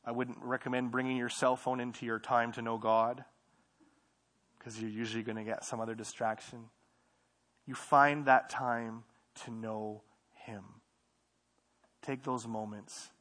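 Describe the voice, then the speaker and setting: A young man preaching a casual, conversational sermon in a church service, repeating phrases and moving between quiet asides and louder emphasis. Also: medium pitch. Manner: conversational, repeats himself, swings between soft and loud. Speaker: pastor.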